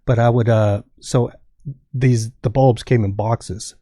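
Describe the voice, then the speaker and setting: A Texan man, a guest on a podcast, tells a rambling story and keeps saying "dude." His mid-range voice is warm, slow and fairly even in intonation, recorded in studio quality with no echo.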